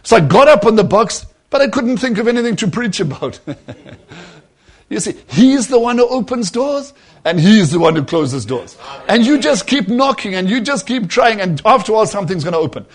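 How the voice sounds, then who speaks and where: A man preaching a sermon, telling a story and calling his listeners friends, dropping to a hush and rising to emphasis by turns. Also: high-pitched, big pitch swings, normal speed. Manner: swings between hushed and emphatic, addresses listeners as friends.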